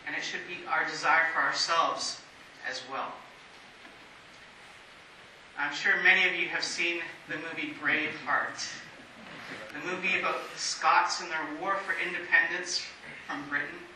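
High, bright-voiced man preaching in an echoey church. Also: steady tone. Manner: measured preaching with emphatic pauses. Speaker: pastor. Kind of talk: sermon. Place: church sanctuary. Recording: very echoey hall, distant mic, faint hiss.

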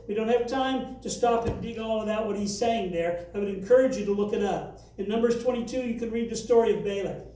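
A man preaching in an echoey church hall with a high, mellow voice. He speaks earnestly and lifts his voice as he reads the passages. The sound is very roomy and caught from away from the mic. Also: brisk, few pauses, far from the mic. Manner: earnest preaching, reading scripture aloud with rising emphasis. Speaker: pastor. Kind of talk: sermon.

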